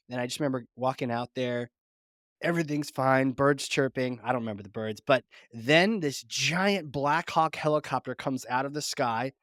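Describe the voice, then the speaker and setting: A man's voice: mid-range voice, no echo, clean studio sound. A middle-aged man telling stories in a casual interview, acting out the voices of people he quotes. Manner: animated storyteller acting out quotes. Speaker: podcast guest, founder.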